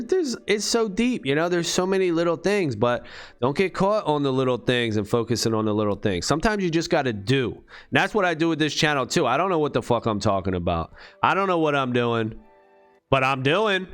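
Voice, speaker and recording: Profane rambling male vlogger. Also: a little high. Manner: rambling, profane, rhetorical questions. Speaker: crypto vlogger. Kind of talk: casual profane monologue.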